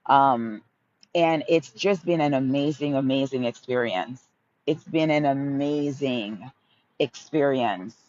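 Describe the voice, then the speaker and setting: A woman in her fifties from Haiti chats live with her viewers from a sunny park, calling them her loves. She speaks slowly and repeats her phrases fondly. The phone audio is dull and a little lo-fi. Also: rumbling low, darkish tone, slight background noise. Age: 50s. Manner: affectionate, repeats phrases, greets viewers by name. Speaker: livestream host. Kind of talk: casual live chat answering viewers. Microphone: phone livestream.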